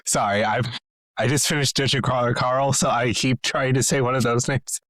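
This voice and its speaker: A man's voice: mid-range voice, fairly even intonation, moderate pace, fairly bright tone, dry recording, clean studio sound. A man playing in a tabletop game, joking and swearing freely. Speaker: player. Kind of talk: casual tabletop role-play banter.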